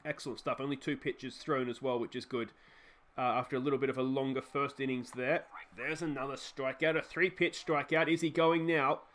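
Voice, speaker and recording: An Australian man commentating his own baseball management game, calling plays with rising excitement and chatty asides. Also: medium pitch, brisk. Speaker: let's play host.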